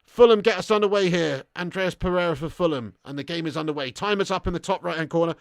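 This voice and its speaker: Male streamer, high-pitched and dry, laddish sweary banter, tired. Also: fast, vocal fry, no room sound. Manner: blokey, sweary banter, calls viewers lad. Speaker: football watch-along host. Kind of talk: live stream chat reading super chats.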